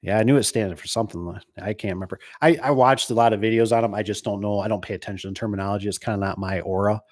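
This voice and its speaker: A man's voice: lowish voice, steady tone, racing. A middle-aged man who runs a garage door business, chatting casually about trucks in a rambling way, full of restarts and acted-out quotes. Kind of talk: casual chat.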